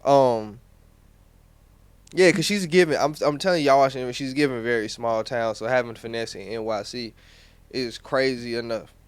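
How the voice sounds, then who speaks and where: A man's voice: mid-range voice, normal speed, clean tone, no echo. A young man with a North Carolina accent hosting a podcast, talking in blunt, profane, slangy commentary with many restarts. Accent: Southern US, North Carolina. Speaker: podcast host. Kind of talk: casual commentary to camera.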